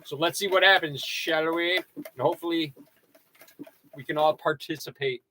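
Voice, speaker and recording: A man hosting a casual art livestream, rambling and goofy, poking fun at himself and jumping into high excited yelps and laughter. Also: normal speed, slight background noise. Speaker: livestream host.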